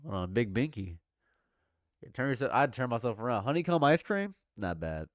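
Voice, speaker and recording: Man streaming loud-then-mumbled commentary. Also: big pitch swings, moderate pace, no room sound, clean studio sound. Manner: swings between loud exclamations and low mutters; repeats phrases, banters with chat. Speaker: livestream commentator. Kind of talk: live reaction commentary.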